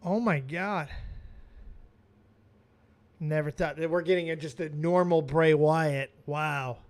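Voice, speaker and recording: A man hosting a live stream, giving excitable watch-along commentary with frequent exclamations and swearing. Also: on the high side, slow. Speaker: streaming host reacting to wrestling.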